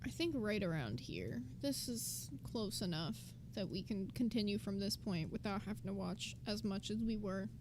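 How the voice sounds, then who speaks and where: A woman's voice: mid-range voice, animated, normal speed, few pauses, noisy background. A woman streamer giving blunt, profane, exasperated commentary while reacting to a clip.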